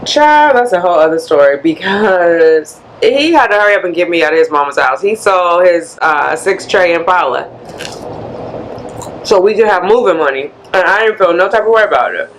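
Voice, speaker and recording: A woman vlogger chatting candidly to camera, a blunt and animated storyteller letting off steam. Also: fairly low pitch, moderate pace, a little hiss or hum. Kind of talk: candid vlog chat.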